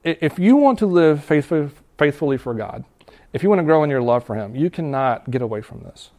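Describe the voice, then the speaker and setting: A man's voice: a little high, very animated, darkish tone. Earnest man preaching to students. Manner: earnest, conversational preaching with restarts and quick laughs. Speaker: pastor. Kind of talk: sermon.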